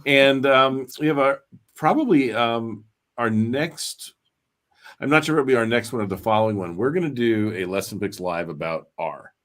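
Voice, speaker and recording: A man's voice: medium pitch, expressive, moderate pace, fairly bright tone. A man hosting a live stream, chatting casually and rambling with many fillers and restarts. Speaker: host.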